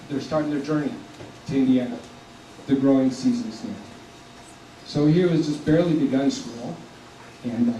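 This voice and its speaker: A man in his seventies from South Texas, leader of a community organization, gives a public speech that is earnest and passionate, and at times he gets choked up. His mid-range voice is warm. The recording is from an echoey hall, with the speaker far from the mic and slight background noise.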